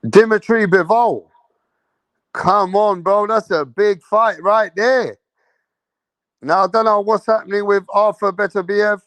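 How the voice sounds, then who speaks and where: A high-pitched man holds forth on a casual live stream, brash and profane, taunting rival fans and leaning on "bro" at the end of his lines. He talks slowly and keeps circling back to the same phrases. The sound is dry and close, with no room around it. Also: fairly bright tone, no echo. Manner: repeats phrases, peppered with "bro". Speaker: boxing livestream host. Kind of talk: casual live commentary to a chat.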